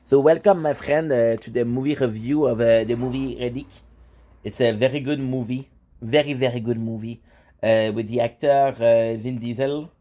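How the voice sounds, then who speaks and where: A man doing a mock French movie reviewer, chatty and halting, leaning on filler words as he talks. The voice sits mid-range with a dark, mellow tone. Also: mid-range voice, steady tone, close to an everyday voice. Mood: mock-formal.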